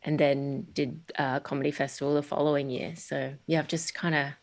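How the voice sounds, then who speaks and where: Comedian woman, 30s, low pitch; casual, filler-heavy, self-deprecating podcast chat. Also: level tone, fairly quick. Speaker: stand-up comedian guest.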